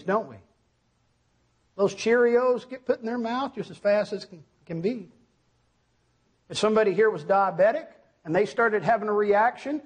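A middle-aged man preaching a sermon, emphatic, asking the congregation questions and answering them himself. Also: high voice.

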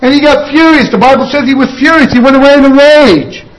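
A male preacher with a notably high-pitched voice delivers a sermon. He drives his points home with repeated phrases and rhetorical questions, quoting scripture along the way. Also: fast talker, low-quality recording.

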